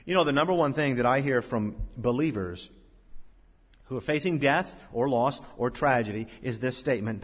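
A man preaching a sermon as pastor to his congregation, swinging between loud emphasis and quiet, confiding asides. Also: mid-range voice, normal speed, breathy edge. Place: large church sanctuary. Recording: reverberant hall. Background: congregation in the room.

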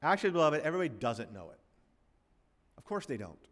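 A man preaching in a church sanctuary, his fairly high voice carried by a long hall reverb. He drives his points with rhetorical questions and repeated phrases, shifting between loud emphasis and quiet asides. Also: very animated, quick pace. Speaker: pastor. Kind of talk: sermon.

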